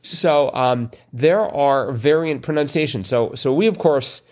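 A man co-hosting a podcast in casual chat, relaxed and wordy, with fillers and dry wordplay jokes. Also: mid-range voice, unhurried. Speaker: podcast co-host. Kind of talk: casual chat about crosswords.

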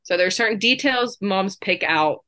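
A woman in her thirties telling her story as an interview guest, chatty and quick, with many fillers. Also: mid-range voice, expressive, pushed and bright. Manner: chatty, fast bursts, lots of fillers.

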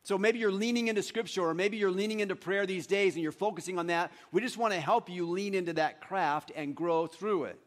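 A pastor with a high voice preaches a conversational sermon in a church. He talks easily with the congregation and coaches them as they recite together. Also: brisk, hardly any pauses. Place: church sanctuary.

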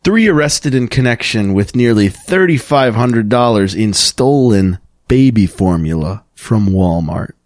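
A young man co-hosting a podcast, reading out news items and cracking wry, deadpan jokes. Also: fairly low pitch, measured pace, few pauses, no echo, studio quality. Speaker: podcast co-host. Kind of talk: casual comedic chat, reading news aloud.

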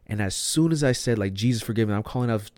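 Young male podcast host, low-pitched, dry close sound, slangy, shifts from hushed to fired up. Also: quick pace, no room sound. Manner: slangy and emphatic, says "bro" and "like" a lot; swings from hushed to loud and excited. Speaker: podcast host sharing his testimony. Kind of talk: casual personal testimony.

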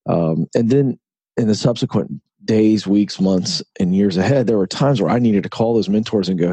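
Low, dark-voiced man telling his story. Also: normal speed, breathy edge, no room sound. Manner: earnest, storytelling, emphatic repetition. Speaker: author and broadcaster, guest. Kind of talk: conversational interview.

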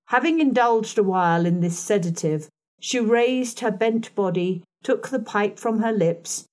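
A woman narrating an audiobook chapter in a measured, calm way. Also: medium pitch. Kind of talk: scripted narration.

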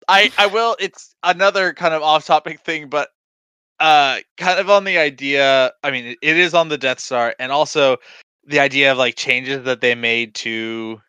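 A man's voice: mid-range voice, pushed and bright, smooth, dry recording. A man co-hosting a casual film discussion, talking animatedly with frequent laughs, hedges and restarts. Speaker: podcast co-host.

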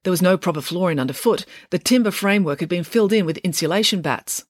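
A woman reading her own children's novel aloud in a lively, expressive storytelling manner. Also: fairly low pitch, quick pace, no room sound, clean studio sound. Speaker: author reading her book. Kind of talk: audiobook narration.

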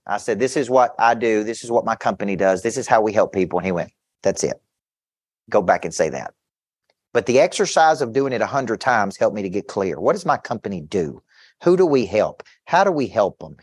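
With a mid-range voice captured in a dry, studio-quality recording, a business coach gives an intense motivational seminar talk to an audience. He tells stories through quoted back-and-forth dialogue and repeats words as he hammers his points.

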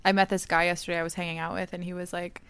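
Young woman host, smooth clear voice, animated storyteller, laughs a lot. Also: fairly low pitch, very fast, no room sound. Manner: animated storytelling, laughs often, quotes others. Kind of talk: casual chat.

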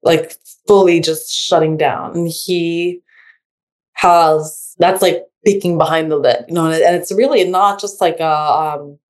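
A woman speaking in casual conversation as a guest, halting and filling her speech with "like" and restarts. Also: lowish voice, fairly even intonation, a little mellow.

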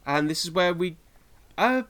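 Male British podcast co-host, casual, giggly, rambling, voice a touch higher than most. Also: expressive, a little slow, fairly bright tone. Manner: rambling, full of fillers and laughter. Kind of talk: casual chat.

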